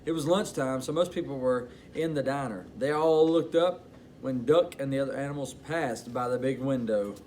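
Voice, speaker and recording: A man reading a picture book aloud to children in an expressive bedtime-story manner. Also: medium pitch, moderate pace, a little hiss or hum.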